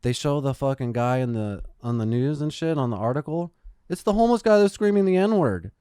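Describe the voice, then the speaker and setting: Guy cohosting a podcast, cursing a lot, rambling stories, smooth clear voice, dry mic. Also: medium pitch, expressive, brisk, warm tone, dry recording. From Phoenix, Arizona. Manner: profane, rambling storytelling. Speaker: podcast co-host. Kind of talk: casual chat.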